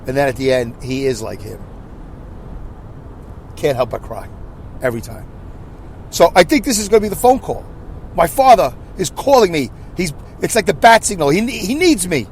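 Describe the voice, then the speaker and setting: A man's voice: fairly high pitch, very animated, moderate pace, pauses often, slight background noise. A man in his fifties hosting a solo podcast, rambling through a self-deprecating, emotional rant. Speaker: podcast host.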